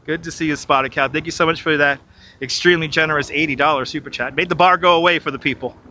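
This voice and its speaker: Fast and fairly high-pitched with fairly even intonation, this man's pushed, bright voice carries over slight background noise. He's a New York live-streaming tour guide leading a casual walk through a big city park on a wireless clip-on mic, chatty and quick to laugh as he reads out viewer comments.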